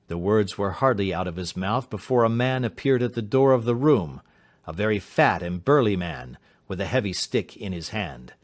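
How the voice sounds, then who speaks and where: A man giving a measured, dramatic audiobook narration. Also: fairly low pitch, lively intonation. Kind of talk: scripted narration.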